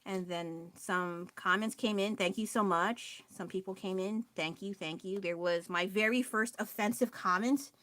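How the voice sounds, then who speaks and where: A woman's voice: medium pitch, normal speed, hardly any pauses, a bit bright. A tired young woman, chatting casually on a live stream while she paints. She rambles, laughs at herself often and loses her train of thought. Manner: rambling, scattered, self-deprecating, laughs often.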